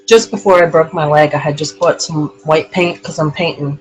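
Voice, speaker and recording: A woman hosting a relaxed live paranormal chat from a room in her home, rambling and chatty. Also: low-pitched, normal speed, a little hiss or hum, rough recording. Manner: rambling, chatty, laughs often.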